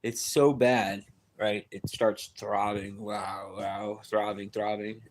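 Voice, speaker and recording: A man's voice: takes it slowly, a little hiss or hum. Rambling man telling a story on a live stream. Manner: rambling, repeats "right?" and "dude", many restarts; grows loud and high-pitched when excited.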